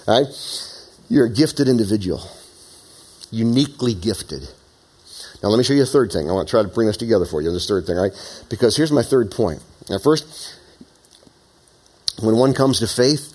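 A man preaching a sermon in an animated, conversational way, with frequent asides. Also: fairly low pitch, breathy edge. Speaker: pastor. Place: church meeting in an opera house.

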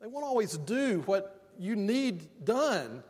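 An older man, a pastor, preaching a sermon in a folksy storytelling way and slowing down for emphasis. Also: high voice, big pitch swings, a little mellow, breathy edge. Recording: long reverb of a large hall.

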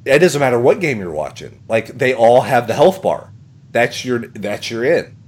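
A man's voice: mid-range voice, sing-song, normal speed. A man hosting a podcast, talking in a rambling casual way, with plenty of swearing, fillers and laughter. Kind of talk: casual chat.

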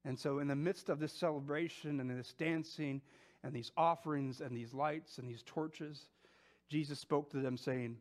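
A pastor with a fairly high male voice preaches in a conversational, animated manner, pushing on through fillers and restarts. Quoting scripture, he slows down and lends the words weight.

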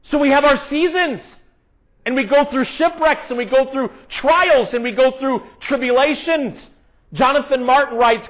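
A man's voice: very high voice, moderate pace. A man preaching a sermon in an earnest, conversational way, with emphatic rises. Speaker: pastor. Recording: dull, lo-fi sound.

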